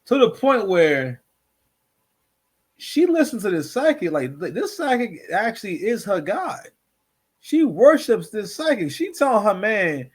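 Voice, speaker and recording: A man's voice: sits high, very animated, unhurried, slightly rough. A man hosting a casual reaction commentary show, rambling and repeating himself with constant filler phrases.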